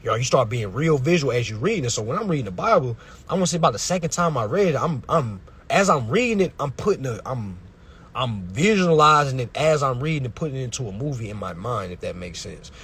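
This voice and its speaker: A man's voice: medium pitch, sing-song, fast, a bit bright, husky. A young man hosting a live stream, ranting in a confrontational, preachy and profane way from inside a vehicle.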